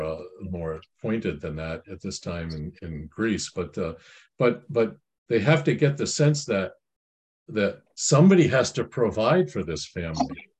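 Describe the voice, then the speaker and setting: This middle-aged man, with a low voice and a darkish tone, offers informal Christian family counsel. Commenting on a reading, he rambles in a folksy way, restarting often and wandering into asides.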